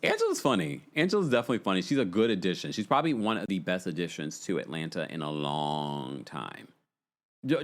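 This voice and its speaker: A man's voice: mid-range voice, fairly bright tone. A man hosting a casual livestream recap, chatting and reading out viewer comments as he reacts. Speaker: recap show host.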